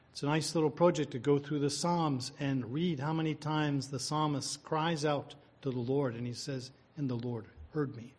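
Male preacher, earnest and conversational, fairly high pitch, reads scripture and prays. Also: fairly even intonation, moderate pace, hardly any pauses, a little mellow. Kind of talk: sermon with scripture reading and prayer.

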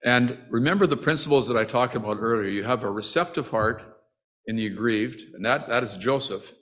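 A man delivering a sermon like he's chatting with the congregation. He often restarts his sentences and breaks off into asides. His voice sits at an everyday middle pitch. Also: fairly bright tone. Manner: conversational, with frequent restarts and asides; acts out the brothers' quoted lines with rising emotion. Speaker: preacher.

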